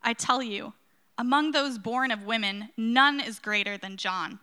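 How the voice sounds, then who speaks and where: A woman reading a Bible passage aloud in a measured, formal way. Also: on the high side, bright, forceful tone, smooth. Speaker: scripture reader. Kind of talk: scripture reading.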